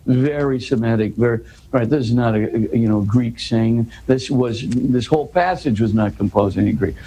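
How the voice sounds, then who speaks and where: An earnest man explains scripture in an interview, his voice warm and mellow at an ordinary pitch. He loops back over words, checks in with "you know" and "right?", and lifts into emphatic questions. A faint background hum sits under his voice. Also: moderate pace, low-quality recording. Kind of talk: explanatory conversation.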